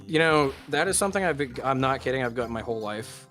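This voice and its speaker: A man's voice: mid-range voice, expressive, fast, a bit bright, faint music behind. A man hosting a gaming stream, chatting casually and rambling with many fillers and restarts. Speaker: streamer and host. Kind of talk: casual chat while gaming.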